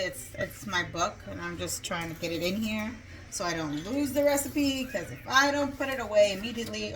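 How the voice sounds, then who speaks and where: A woman's voice: medium pitch, a bit bright. A woman vlogging casually in her home kitchen, chatty and rambling, a little out of breath and joking about herself. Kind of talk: casual chat.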